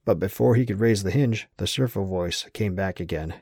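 A man narrating an audiobook in a steady, wry storytelling manner. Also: deep voice, normal speed, vocal fry, breathy edge, dry recording, clean studio sound.

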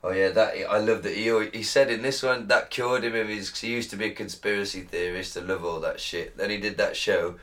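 A man's voice: lowish voice, steady tone, fairly quick, hardly any pauses, a bit bright. A man from Britain hosting a casual podcast, joking, laughing often and swearing. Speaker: podcast host.

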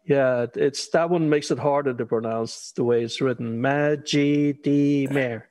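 A middle-aged man from Iran speaks, chatting as an interview guest. He laughs easily and tosses in wry asides at an even, mid pitch. The sound is dry and close, with no room around it. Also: moderate pace, no room sound. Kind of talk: casual interview conversation.

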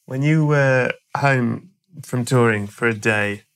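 A man's voice: mid-range voice, takes it slowly, fairly bright tone, clean tone. Man spinning a comic tale. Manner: playful, rambling absurd tale with stumbles. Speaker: podcast host. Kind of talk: comic storytelling in conversation.

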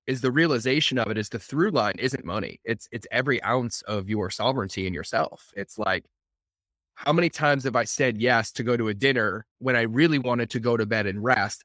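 Podcast host, male, energetic and emphatic, mid-range voice, dry close sound. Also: mid-range voice, dry recording. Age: adult, working professional. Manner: energetic, emphatic, repeats words for effect. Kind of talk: casual podcast conversation.

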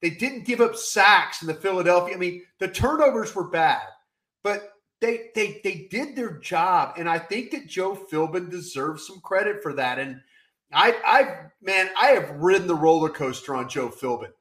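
A man co-hosting a casual sports podcast, talking in a folksy, animated way with plenty of "I tell you what.". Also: sits high, normal speed, roomy sound. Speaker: podcast co-host.

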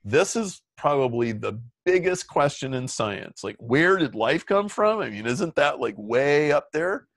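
A man's voice: fairly high pitch, big pitch swings, unhurried, few pauses, no echo. A middle-aged man telling stories as a guest in an interview, talking casually with many "like" fillers. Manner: chatty, lots of "like" fillers. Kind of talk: casual storytelling.

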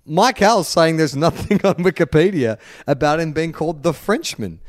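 A man's voice: on the high side, normal speed, no echo, studio quality. An Australian man co-hosting a sports podcast, joking and swearing in casual chat. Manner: playful, swearing, lively intonation. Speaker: podcast co-host.

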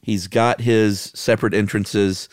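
Low voiced guy on a podcast, smooth, relaxed, dry mic. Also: measured pace, dry recording. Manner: relaxed, laughs often, lists facts with uh fillers. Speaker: podcast co-host. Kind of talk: casual chat.

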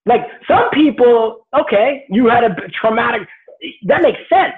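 A man's voice: extremely high pitch, lively intonation, moderate pace. A man from the United States, a guest in a casual conversation, talking with passion and emphasis. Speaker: podcast guest. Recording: tinny phone-like line.

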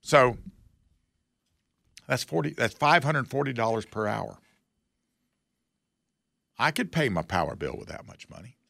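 A man's voice: mid-range voice, big pitch swings, a little slow, creaky, pauses often, fairly bright tone, no room sound, studio quality. A man hosting a talk show, giving casual political commentary in a sarcastic, folksy, mocking way.

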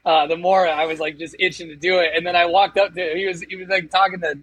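A man's voice: high voice, flat delivery, fast talker, a bit bright, breathy edge, no room sound, rough recording. Joking man on a sports podcast. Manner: jokey, does mock British accents. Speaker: podcast co-host. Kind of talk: casual sports chat.

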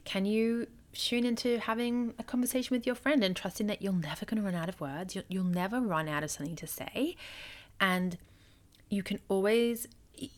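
A woman hosting her own coaching podcast, speaking earnestly and loosely, with lots of "like" and gentle encouraging advice. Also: medium pitch. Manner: earnest, loose and conversational with frequent "like". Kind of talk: solo podcast talk.

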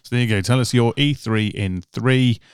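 A man's voice: mid-range voice, normal speed, clean tone, no echo, studio quality. Joking male podcast host. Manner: jokey, laughs often. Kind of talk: casual podcast chat.

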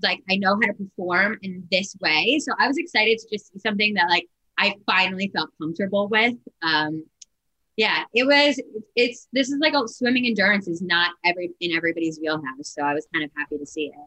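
A woman guest talks openly about her experience, swearing casually and laughing at herself. Her voice has a bright, crisp edge and sits at an ordinary pitch for a woman. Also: lively intonation, a little fast, poor audio. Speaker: competitor guest. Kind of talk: casual chat.

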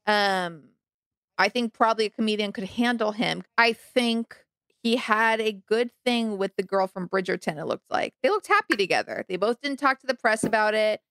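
A woman's voice: mid-range voice, lively intonation, moderate pace, fairly bright tone, clean tone, no echo, studio quality. A woman in casual pop-culture chat, chatty and opinionated.

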